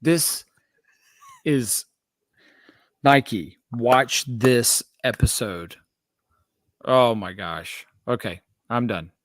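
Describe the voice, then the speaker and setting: Animated ranting man, dry close mic. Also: mid-range voice, extremely slow, long pauses, dry recording. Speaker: podcast co-host. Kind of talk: casual sneaker chat.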